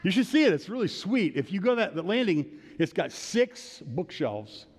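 A man's voice: high-pitched, big pitch swings, normal speed, big-room sound. A man preaching a sermon in an earnest, conversational storytelling way, lifting into emphatic prayer. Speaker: pastor.

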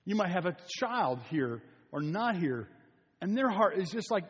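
A man's voice: high-pitched, very animated, measured pace, a bit bright, husky, in a large hall. Earnest older male pastor preaching. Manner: earnest, repetitive, pleading delivery. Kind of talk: sermon. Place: church sanctuary.

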